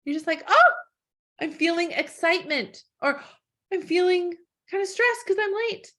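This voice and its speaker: A woman coaching in a webinar, talking conversationally with lots of "like" and "right?", acting out quick quoted thoughts with gasps. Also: a little high, sharp tone. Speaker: weight-loss coach. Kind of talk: webinar teaching.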